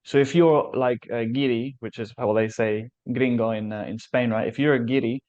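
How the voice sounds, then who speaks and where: A man's voice: medium pitch, fairly even intonation, normal speed, a little mellow, highs cut off. A man hosting a casual interview, enthusiastic and chatty, often saying "like" and "right?". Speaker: interview host.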